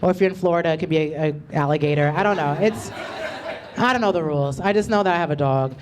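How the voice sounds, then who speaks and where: A woman's voice: deep voice, fast talker, noisy background. A woman doing a stand-up comedy set with a loose, slangy, conversational delivery. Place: comedy club stage.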